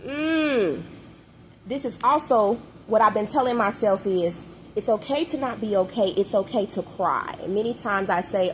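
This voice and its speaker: A mother talking casually and emphatically to her viewers about her spiritual journey, in slangy speech that swings from loud to hushed. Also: fairly high pitch, normal speed, slight background noise. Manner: slangy, talks straight to viewers. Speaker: mother and motivational vlogger. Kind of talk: casual spiritual vlog talk.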